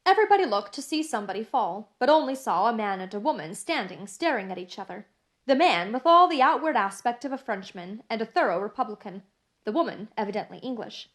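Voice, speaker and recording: A woman narrating a classic novel in a measured, even reading style. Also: on the high side. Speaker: audiobook narrator.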